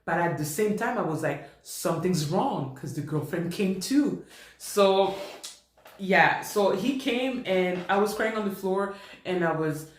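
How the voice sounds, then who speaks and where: Brief: male vlogger, slightly high voice, animated storyteller, echoey room. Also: a little slow. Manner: animated, repeats himself while recounting. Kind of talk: personal storytime. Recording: roomy echo.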